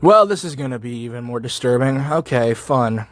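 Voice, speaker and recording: A man reading fan fiction aloud for laughs, with sarcastic, deadpan asides, recorded close to a microphone at home. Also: mid-range voice, normal speed, a little hiss or hum. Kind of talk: comedic reading with reaction commentary.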